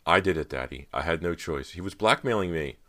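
A man with a very deep voice reading the lines of a frightened teenage girl as she confesses, lifting his voice higher in pleading and tremulous bursts. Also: animated, a little fast, sharp tone.

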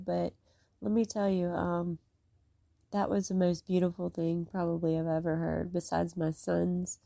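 In a dry recording, a woman vlogger with a low, mellow voice shares her faith in a casual, emotional ramble, close to tears, and then reads from scripture. Her voice is a little rough today.

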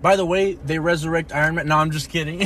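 A young man rants eagerly as a podcast co-host, his voice pitched a little high. He swears freely and keeps saying "bro". A faint background hiss sits under his voice. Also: fast talker. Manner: excitable and profane, says "bro" a lot. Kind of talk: casual chat.

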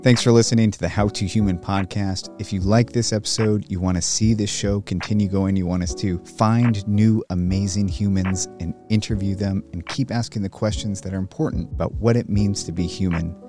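A male podcast host with a mellow, warm voice that sits a little low. He talks in a relaxed, easygoing way. Faint music plays behind him. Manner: relaxed, friendly, swears casually. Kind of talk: casual interview chat and show outro.

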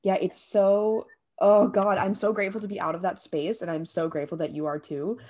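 A woman's voice: mid-range voice, fairly even intonation, a little fast, darkish tone. A woman hosting a podcast, effusive and emotional, talking in a loose, filler-heavy way. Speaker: podcast host. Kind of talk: casual interview chat.

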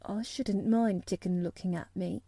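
A woman voicing a frail, excitable invalid boy in a storybook reading, eager and clinging. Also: medium pitch, measured pace, creaky, dry recording. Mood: wistful.

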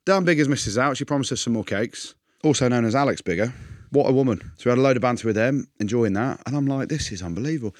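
Chatty man telling lively stories. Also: medium pitch, fast, no room sound, clean studio sound. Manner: animated, acts out other people's voices. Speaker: podcast co-host. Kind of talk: casual banter, storytelling.

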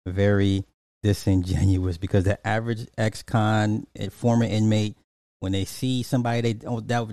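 A man's voice: mid-range voice, dark tone, no echo, studio quality. A man giving casual reaction commentary on a clip, emphatic and repetitive, with lots of fillers and restarts. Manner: emphatic, repeats points, many fillers and restarts.

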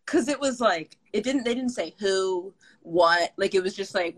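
A young woman co-hosting a podcast tells a long, rambling story in casual chat, packed with "like" and plenty of swearing. Her mid-range voice has a breathy edge, moves at normal speed with hardly any pauses, and the audio is poor.

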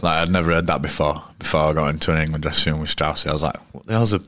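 A man's voice: extremely low pitch, completely flat delivery, rapid-fire, bright, forceful tone, dry recording, clean studio sound. A man with a Yorkshire accent, a cricketer as interview guest, telling rambling, blunt stories full of restarts. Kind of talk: casual interview storytelling. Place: pub.

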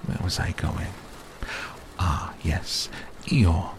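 A man voicing a gentle, simple male teddy bear who speaks slowly and earnestly. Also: low-pitched, noisy background, full character voice.

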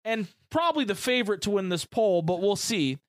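Chatty excitable man, lively high voice. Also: brisk, no room sound, studio quality. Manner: chatty and excitable, uses gamer slang. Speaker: podcast co-host. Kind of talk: casual chat.

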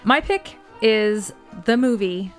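A woman's voice: mid-range voice, lively intonation, slow, faint music behind. A woman co-hosting a casual podcast chat in an easygoing, conversational way. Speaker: podcast co-host.

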